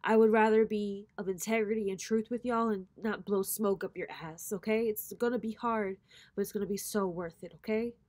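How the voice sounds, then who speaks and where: A woman's voice: mid-range voice, fairly even intonation, normal speed, a little mellow, dry recording. A woman giving a casual spiritual pep talk to her viewers, blunt and profane, with a preacher-like cadence. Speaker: spiritual reader and host.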